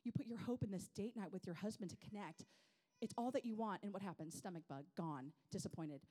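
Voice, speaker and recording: A woman talks to a women's group. She speaks in a chatty, animated way, full of fillers and self-deprecating asides. Her voice sits at an ordinary middle pitch. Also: fairly quick. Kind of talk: personal storytelling talk.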